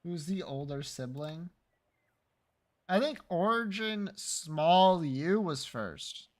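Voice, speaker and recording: A man's voice: on the high side, expressive, slow pace. A man streaming live, chatting casually with his viewers, teasing and joking and swearing freely.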